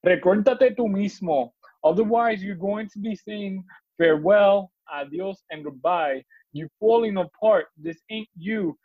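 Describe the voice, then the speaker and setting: A man's voice: high-pitched, unhurried, dry recording, phone-quality sound. Blunt man reading a poem aloud. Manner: blunt, forceful, profane. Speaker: teacher and poetry reader.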